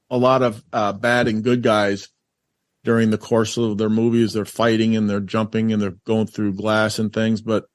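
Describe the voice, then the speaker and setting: A man co-hosts a podcast, talking about a movie in a rambling, enthusiastic way full of fillers. His voice is mid-range and the recording is dry.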